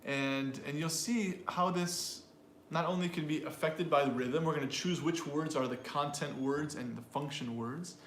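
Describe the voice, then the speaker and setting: A man's voice: a little high, normal speed, few pauses, fairly bright tone, roomy sound, slight background noise. A man teaching an English pronunciation lesson to a live audience, explaining and drilling sentences aloud in an upbeat way.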